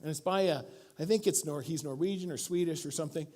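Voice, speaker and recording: A middle-aged man delivers a sermon in church. His voice sits somewhat high for a man, and he talks in a casual, storytelling way, acting out the lines he quotes. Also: fast talker. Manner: storytelling, animated, acts out quotes. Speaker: pastor.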